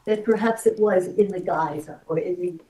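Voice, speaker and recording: A woman testifying as a witness in court, answering in halting, hesitant phrases. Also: on the low side, mellow. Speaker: expert witness. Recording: distant courtroom audio.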